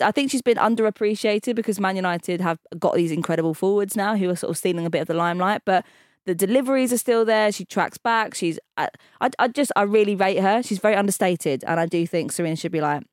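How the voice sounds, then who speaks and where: A woman's voice: medium pitch, fast talker, no room sound, studio quality. A woman co-hosting a casual football podcast, playful and jokey, sometimes tripping over her words. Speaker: podcast co-host.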